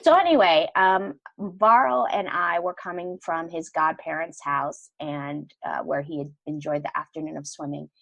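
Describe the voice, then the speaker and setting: Low-voiced woman telling a story. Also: normal speed, creaky, few pauses, no room sound, muffled recording. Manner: animated, acts out quoted dialogue. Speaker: podcast guest. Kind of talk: conversational storytelling.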